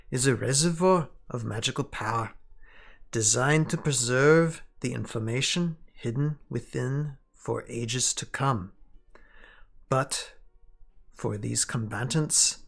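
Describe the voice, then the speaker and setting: A man voicing a solemn male elf scholar, an outcast mourning lost knowledge, in a slow, grave reading. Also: medium pitch, vocal fry, fairly bright tone, heavily acted.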